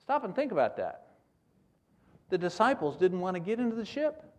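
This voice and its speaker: Brief: high-pitched male preacher, animated, acting out the scenes he teaches. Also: moderate pace. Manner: animated, acts out scenes in character voices. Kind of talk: sermon.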